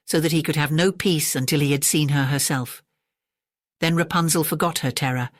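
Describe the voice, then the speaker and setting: A woman narrating a soothing bedtime fairy tale as a storyteller, gentle and unhurried. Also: low-pitched, dry recording, clean studio sound.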